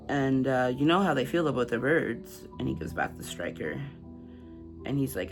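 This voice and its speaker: Gravelly-voiced man recapping a book. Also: mid-range voice, a little slow, pauses often. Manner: chatty, filler-heavy retelling with frequent "like". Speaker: book channel host. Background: background music.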